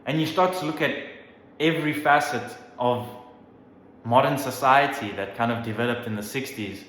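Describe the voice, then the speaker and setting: A man's voice: medium pitch, normal speed, fairly bright tone. A man in his twenties giving a casual, rambling opinion monologue, full of fillers and swearing. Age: 20s. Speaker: vlogger. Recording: roomy with faint background hum.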